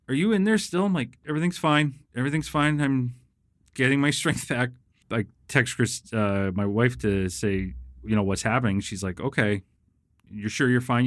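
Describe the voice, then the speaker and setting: A man's voice: medium pitch, dry recording, clean studio sound. A man telling a story casually, swearing a lot and laughing as he acts out the people in it. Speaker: guest.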